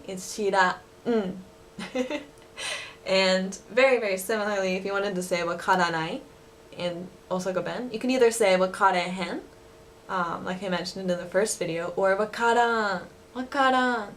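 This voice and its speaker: A woman's voice: medium pitch, slight background noise. A woman giving a casual video lesson on dialect phrases, chatty and giggly, with lots of fillers. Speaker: language vlogger teaching dialect phrases.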